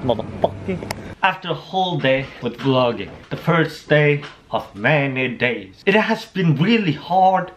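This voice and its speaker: A man's voice: fairly high pitch, expressive, measured pace, lo-fi sound, background noise. A man taking over someone's vlog, chatting casually in a goofy, crude way with lots of swearing. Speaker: guest vlogger taking over the channel.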